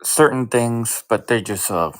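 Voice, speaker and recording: A man's voice: medium pitch, measured pace, no echo. Male caller, hesitant and noncommittal, dry sound. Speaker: caller on a stream.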